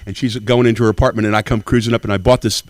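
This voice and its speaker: A man's voice: on the low side, little pitch movement, very fast, darkish tone, no room sound. A man in his sixties from Tennessee, doing brash, profane stand-up at an open mic. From Nashville, Tennessee. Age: 60s. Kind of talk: stand-up comedy.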